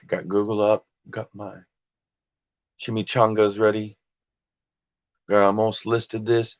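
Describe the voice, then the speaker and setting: Streamer host, male, lowish voice, chatty, self-deprecating rambler, dry dull lo-fi sound. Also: level tone, slow pace, long pauses, dry recording. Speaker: livestream host listing items for sale. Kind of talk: casual livestream chat. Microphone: desktop computer and phone.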